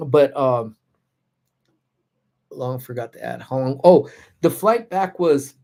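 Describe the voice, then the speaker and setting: Speaking in a medium-pitched, darkish voice, a male livestream host keeps things chatty during a casual lunch-break stream. He tells a story and welcomes viewers by name as he reads them out.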